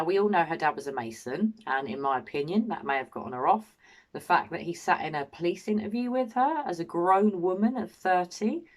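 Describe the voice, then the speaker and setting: Low-voiced indignant English woman. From England. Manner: indignant, full of rhetorical questions. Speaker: true crime channel host. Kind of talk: opinionated true crime commentary.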